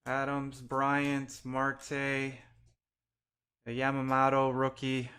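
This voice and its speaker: A man's voice: medium pitch, completely flat delivery, drawn-out words, sharp tone. A man hosting a live card break, calling out player names one by one as he opens packs and chatting with viewers. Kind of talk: live-stream pack opening.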